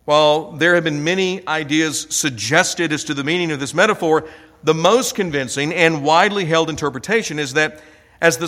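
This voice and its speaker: A man preaching a sermon, pressing hard on single words with a measured, deliberate delivery. His voice sits a little high for a man. The sound carries the long reverb of a large hall. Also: a bit bright. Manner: measured preaching with emphatic stresses. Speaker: pastor.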